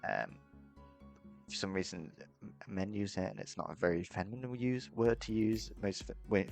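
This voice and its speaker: A man's voice: fairly low pitch, moderate pace, gravelly, darkish tone, soft background music. A young man casually teaching a beginner language lesson, rambling and correcting himself and laughing at his own mistakes. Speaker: self-taught language hobbyist teaching a lesson.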